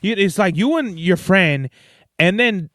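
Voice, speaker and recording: A man's voice: sits high, lively intonation, measured pace, fairly bright tone, dry recording, clean studio sound. A man hosting a podcast, telling rambling, profane stories in casual slang. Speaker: podcast host and stage performer. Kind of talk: casual solo monologue.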